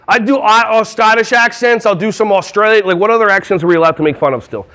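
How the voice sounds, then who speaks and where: A man from New Jersey giving a playful, animated keynote on early childhood classroom management to a conference crowd. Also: high-pitched, fast, few pauses. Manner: playful and animated, breaking into silly voices and songs. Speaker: early childhood education trainer. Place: large conference hall.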